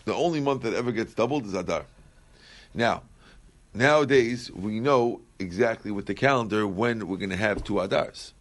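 A man's voice: fairly low pitch, moderate pace. A man teaching a Talmud class who reads Aramaic lines and then explains them in plain English, often repeating his phrases. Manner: repeats phrases while working through the text.

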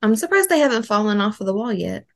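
Co-host, female, mid pitch, teasing dry delivery in casual chat. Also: very animated, quick pace. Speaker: podcast co-host.

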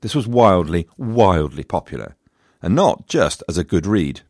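A man's voice: low-pitched, sing-song, moderate pace, darkish tone, no room sound, clean studio sound. A man narrating history as a podcast host, with wry, chatty and self-mocking digressions. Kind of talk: scripted history narration with comic asides.

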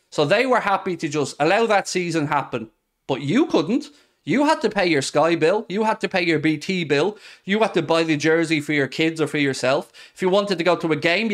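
A man's voice: a little high, a bit bright. Heated, ranting man. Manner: heated, emphatic, sarcastic. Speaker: podcast host. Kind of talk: passionate football rant.

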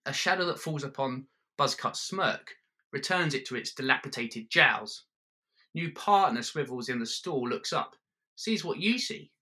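Man, deadpan comic storyteller, wry, bright tense voice. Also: mid-range voice, moderate pace. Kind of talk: second-person comic storytelling.

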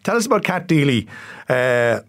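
A man's voice: medium pitch, sing-song, moderate pace, no echo, studio quality. An Irish man hosting a news discussion podcast, asking questions with frequent restarts. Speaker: podcast host.

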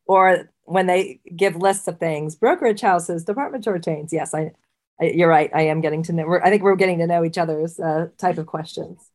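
A woman's voice: on the low side, normal speed, a little mellow. A woman co-hosting a casual podcast chat, talking freely and often restarting her sentences. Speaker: podcast co-host. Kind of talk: casual chat and trivia quizzing.

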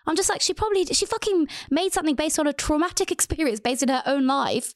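A woman's voice: high-pitched, lively intonation, racing, few pauses, no room sound, studio quality. Heated, foul-mouthed young woman podcaster. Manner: heated, swears a lot. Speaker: podcast co-host. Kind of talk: casual ranting podcast chat.

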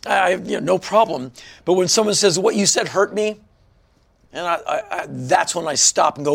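Gravelly fifty-something guy from dc, tells stories big, bit high for a man. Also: brisk. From Washington, D.C., USA. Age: 50s. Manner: animated storyteller who acts out other people's lines. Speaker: guest. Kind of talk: casual interview chat.

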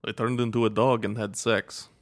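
A man's voice: lowish voice, flat delivery, moderate pace, vocal fry. A man co-hosting a casual movie podcast, wry and chuckling as he retells scenes. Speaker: podcast co-host. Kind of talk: casual movie-recap chat.

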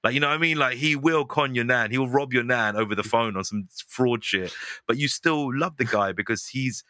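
Bright, dry-voiced young man. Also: mid-range voice, no echo. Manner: animated, quick, laughs often, does voices. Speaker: guest. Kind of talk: casual chat.

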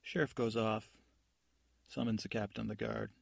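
A man improvising a rambling, low-key bedtime story as a podcast storyteller. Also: flat delivery, normal speed, gravelly, no room sound.

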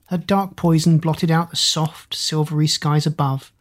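A woman reading a story aloud in steady, measured audiobook narration. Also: deep voice.

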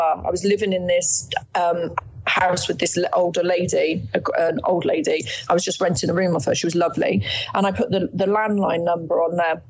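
A woman's voice: mid-range voice, slightly rough, rough recording. A woman casually telling a long personal story as an interview guest, chatty and acting out the people she quotes. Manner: chatty, many restarts, acts out quoted voices.

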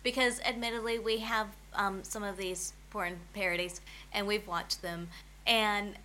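A woman's voice: medium pitch, steady tone, measured pace, pushed and bright, a little hiss or hum. A woman co-hosting a casual chat, reading questions aloud, easygoing and giggly. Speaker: podcast co-host.

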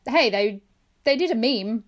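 A woman, co-hosting a casual podcast chat, telling stories quickly and laughing often. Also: a little high, lively intonation, a loud crowd. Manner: chatty, laughing, quick storyteller. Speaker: podcast co-host.

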